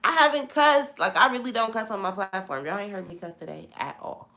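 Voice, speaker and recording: Bright and forceful, a young woman with a medium-pitched voice speaks a little fast as she runs a casual live-stream Bible talk. She preaches with repeated phrases for emphasis and responds to comments from viewers.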